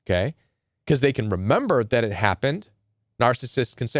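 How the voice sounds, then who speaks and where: A man's voice: medium pitch, very animated, moderate pace, no room sound, studio quality. A man hosting a self-help talk on narcissistic abuse, explaining earnestly and repeating his points, now and then quoting imagined people. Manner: earnest, repetitive, quotes imagined people in short put-on asides. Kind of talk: casual talking-head explainer reading from a web browser.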